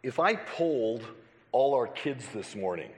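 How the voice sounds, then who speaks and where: A man preaching a Sunday sermon, deliberate and emphatic, with rhetorical questions. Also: mid-range voice, very animated, a little hiss or hum. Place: church sanctuary. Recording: long church reverb.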